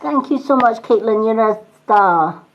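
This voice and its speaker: A middle-aged woman giving a gentle, chatty spiritual talk to viewers on a live stream. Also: on the high side, animated, unhurried, lo-fi sound, slight background noise. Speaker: tarot reader on a live stream.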